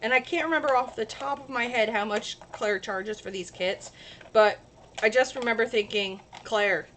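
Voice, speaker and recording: A woman chats her way through a crafting livestream, gushing and excitable. Her voice sits high and sounds bright. A faint hiss of background noise runs under the recording. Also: normal speed.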